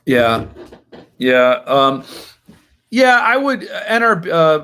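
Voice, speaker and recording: A man's voice: on the high side, very animated, slow, bright, forceful tone, smooth. A man in his fifties hosting a live stream, chatting casually as he answers viewers' comments and now and then flaring into indignant rants.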